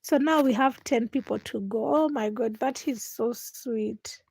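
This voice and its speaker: A woman's voice: a little high, measured pace, gravelly, a little mellow, husky, no room sound. A young woman chatting to her live stream viewers at night while doing chores, sometimes dropping to a whisper. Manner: chatty, talks to viewers while busy, drops to whispers at times. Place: home at night.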